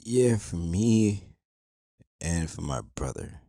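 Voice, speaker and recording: A man chatting as a podcast guest in a relaxed, playful, slangy way. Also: low voice, slow pace, no echo, studio quality. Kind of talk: casual podcast chat.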